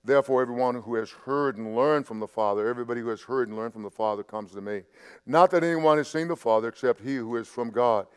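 A pastor preaches a sermon in a church sanctuary to people in the pews and watching online, his medium-pitched voice clean and quick. He speaks conversationally, stammering and repeating himself as he swings between loud emphasis and quiet asides. A long hall reverb fills the recording.

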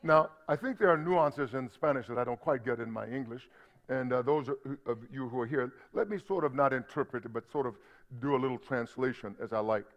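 A man's voice: mid-range voice, fairly quick. A man pastor preaching a sermon, asking the congregation for responses as he explains scripture. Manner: preaching with call-and-response asides. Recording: dull lo-fi sermon audio.

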